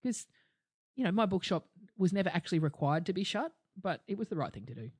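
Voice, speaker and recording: A middle-aged Australian woman co-hosting a podcast, chatting casually and telling stories with lots of swearing and some deadpan. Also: fairly low pitch, fast, slightly rough, dry recording. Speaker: podcast co-host. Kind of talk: casual chat.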